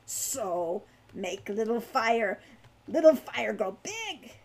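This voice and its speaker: A woman's voice: very animated, takes it slowly, full character voice. A woman reading aloud, voicing a small vengeful kobold that shrieks and snarls in broken speech. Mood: furious. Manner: shrill, snarling, clipped broken grammar.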